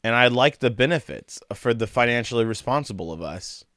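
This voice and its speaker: A man co-hosting a casual podcast chat, retelling video clips in a lively play-by-play way. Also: medium pitch, a little fast, dry recording, clean studio sound. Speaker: podcast co-host.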